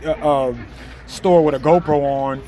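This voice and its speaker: A man's voice: a little high, steady tone, unhurried, crowd noise. A man giving blunt, slangy, mocking reaction commentary over a video clip.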